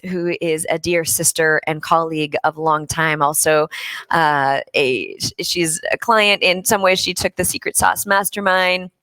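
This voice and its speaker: A middle-aged woman talks openly and with feeling on a live stream from home, fillers scattered through her speech. Her voice sits a little low, and the sound is dry and close. She moves into gently guiding the listener through their breathing. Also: no echo. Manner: open and emotional, with many fillers. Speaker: show host and wellness coach. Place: home, in California.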